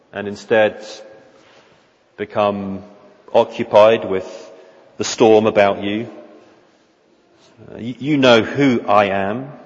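A man voicing a loving male teacher who rebukes his disciple tenderly and gently. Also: fairly low pitch. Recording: reverberant hall, dull lo-fi sound.

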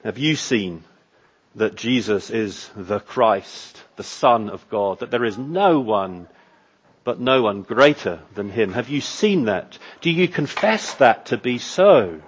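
A man preaching a sermon as pastor, slow and emphatic, building with repeated phrases. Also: medium pitch, expressive, breathy edge, lo-fi sound.

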